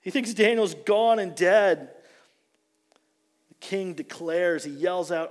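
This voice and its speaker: A male pastor preaching a sermon, retelling the story with animated, dramatic delivery and acted-out quotes. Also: high voice, slow, long pauses. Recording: long reverb of a large hall.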